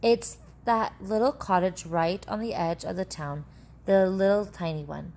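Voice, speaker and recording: A woman reading aloud a children's book, voicing an earnest young boy who talks in a tumbling, excited way. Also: medium pitch, a little slow, lightly acted.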